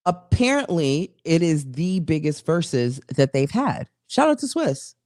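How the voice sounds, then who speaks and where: A woman's voice: low voice, a little slow, dry recording. A woman co-hosting a casual talk show, telling a long, rambling story full of restarts and asides. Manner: animated, rambling, restarts stories. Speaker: co-host.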